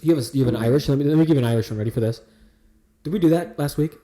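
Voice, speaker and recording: A man's voice: mid-range voice, racing, mellow. A man hosting a casual comedy podcast, joking around and trying out silly put-on accents. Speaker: podcast host.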